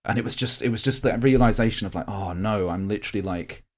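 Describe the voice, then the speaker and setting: A man's voice: on the low side, quick pace. A man co-hosting a podcast, telling a long, heartfelt and rambling story about a live-action roleplay event, full of fillers and restarts. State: tearing up. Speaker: podcast co-host. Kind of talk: casual podcast chat recounting a larp event.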